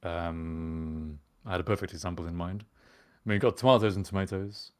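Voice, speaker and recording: A man's voice: deep voice, fairly even intonation, moderate pace. A man co-hosting a casual chat and narrating a role-play as game master, teasing in a dry, wry way.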